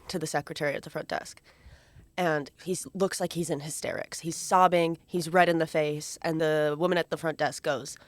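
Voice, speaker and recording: A young woman co-hosting a student show, telling a long rambling joke with lively storytelling. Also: deep voice, fairly quick, no room sound. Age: young adult. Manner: lively storyteller, voicing characters. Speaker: co-host.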